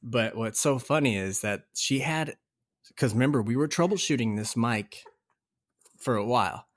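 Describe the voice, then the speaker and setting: A man's voice: medium pitch, lively intonation, moderate pace. A man co-hosting a casual podcast, telling a story and laughing through his words. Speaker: podcast co-host.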